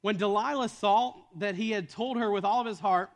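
A man's voice: high voice, moderate pace. A man preaching a sermon as a retold story, casual in tone with joking asides.

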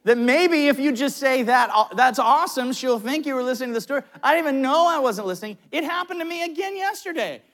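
High-voiced man preaching a sermon. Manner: animated storyteller, quick asides, frequent restarts. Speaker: pastor. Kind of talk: sermon with personal stories.

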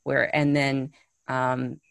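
A woman's voice: rumbling low, monotone, drawn-out words, creaky, clear, resonant tone, no echo, clean studio sound. A woman interviewing a guest in a thoughtful, searching, reflective way. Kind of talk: conversational podcast interview.

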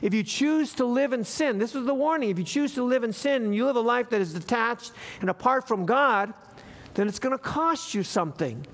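Male pastor, fairly high voice, storytelling sermon that repeats key lines, empty room. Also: brisk, few pauses. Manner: storytelling, repeats phrases for emphasis.

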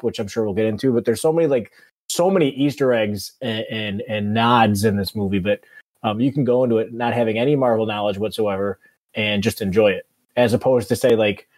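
A man's voice: medium pitch, darkish tone, no echo. A man co-hosting a movie podcast, talking casually and enthusiastically with lots of fillers. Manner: enthusiastic, rambling with many fillers. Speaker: podcast co-host. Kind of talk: casual chat.

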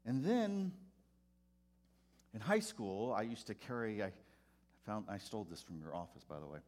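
A middle-aged man, a preacher, telling his own story to an audience, swinging from hushed to loud. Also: on the low side, animated, moderate pace.

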